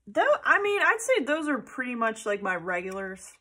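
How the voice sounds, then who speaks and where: A woman's voice: a little high, very animated, normal speed, sharp tone. A woman vlogger in casual chat, gushing and rambling with many fillers and tangents. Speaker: planner vlogger.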